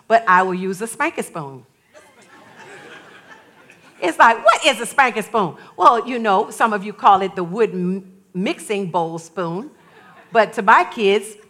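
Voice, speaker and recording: Bright-voiced older woman preaching. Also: mid-range voice. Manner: storytelling, animated, laughs often. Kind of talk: sermon.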